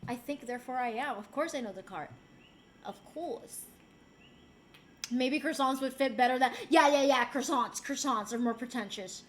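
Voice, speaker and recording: A woman's voice: sits high, moderate pace. A woman from Puerto Rico streaming and chatting casually with viewers, playful and giggly, dropping in Spanish and French phrases. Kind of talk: casual chat reading viewer messages.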